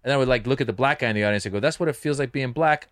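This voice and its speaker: A man, a comedian, in casual chat, telling stories fast and acting out his bits. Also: medium pitch, fairly bright tone, no echo, clean studio sound. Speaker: comedian co-host.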